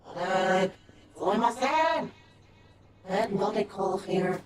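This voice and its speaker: A woman's voice: medium pitch, lively intonation, drawn-out words, background noise. A woman giving casual, chatty commentary while playing a horror game, explaining things on the side and swearing when annoyed. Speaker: game streamer. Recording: distant mic with loud game music.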